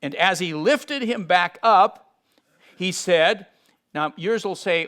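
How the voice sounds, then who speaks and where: Animated man teaching the Bible. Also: high-pitched, moderate pace. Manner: animated, acts out scenes with sudden shifts in loudness. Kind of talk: Bible teaching, reading aloud with asides.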